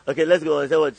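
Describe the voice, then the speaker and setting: A man's voice: fairly high pitch, creaky, breathy edge, low-quality recording. A male pastor preaching a sermon, calling on the congregation to fill in and repeat lines, often laughing. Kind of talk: call-and-response sermon.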